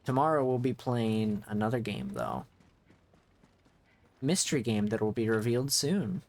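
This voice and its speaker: A man live-streaming a video game, chatting casually as he plays. He rambles and often stops mid-sentence to correct himself. His voice sits at an ordinary middle pitch. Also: sing-song, normal speed, a little mellow. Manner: rambling, restarts mid-thought, self-correcting. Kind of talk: casual gameplay commentary.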